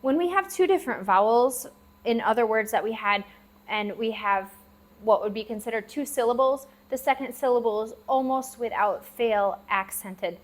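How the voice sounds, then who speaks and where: A woman teaching a language lesson, patiently repeating words slowly and spelling them out. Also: on the high side. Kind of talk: classroom-style language lesson. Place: lives abroad in Southeast Asia.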